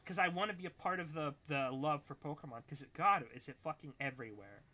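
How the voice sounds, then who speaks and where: A man's voice: a little high, quick pace, pushed and bright. A young man chatting casually on a livestream, reading chat, swearing freely and laughing often as he rambles.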